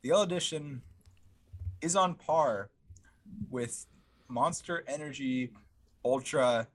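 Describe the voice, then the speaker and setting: A man's voice: mid-range voice, slow pace. A young man co-hosting a podcast in casual chat, rambling and self-mocking, stammering through restarts. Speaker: podcast co-host.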